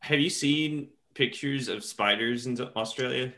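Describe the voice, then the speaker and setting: A man's voice: medium pitch, a little slow, bright, forceful tone. A man co-hosting a casual podcast, joking and teasing the others as he steers the talk. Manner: joking, teasing, leads topics. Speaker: podcast co-host. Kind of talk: casual chat.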